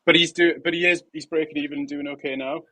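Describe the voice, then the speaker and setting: A man on a podcast chiming in during casual chat with short, relaxed remarks. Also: a little high, quick pace.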